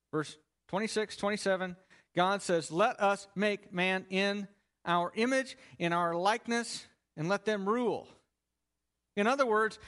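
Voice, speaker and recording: A man with a high, fairly bright voice preaches an expository sermon on a Bible passage. He poses questions to his listeners, answers them himself, and leans on key words as he goes.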